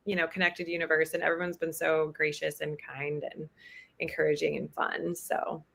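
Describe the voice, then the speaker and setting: A woman's voice: deep voice, flat delivery, normal speed, creaky, fairly bright tone. A woman in her thirties, a guest actress chatting enthusiastically in an interview, with lots of fillers. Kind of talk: casual interview chat.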